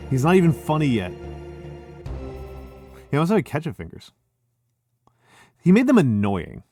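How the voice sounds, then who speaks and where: Male streamer, casual game commentary, lively pitch, faint music. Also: moderate pace. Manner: exasperated, swearing, animated.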